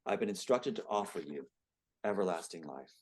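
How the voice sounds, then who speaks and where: A man reading the lines of a cold, scheming male government agent from a screenplay, calm and menacing. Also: low-pitched, normal speed, slightly rough.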